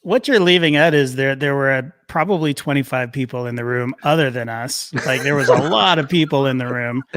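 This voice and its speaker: A man's voice: medium pitch, brisk, a bit bright. A man on a casual podcast chat, recounting events in a dry, matter-of-fact way.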